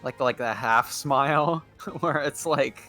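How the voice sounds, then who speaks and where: A man's voice: mid-range voice, measured pace, pushed and bright, faint music behind. A young man chatting casually on a stream, telling stories animatedly, laughing a lot and saying "like" often. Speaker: guest on stream. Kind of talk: casual chat.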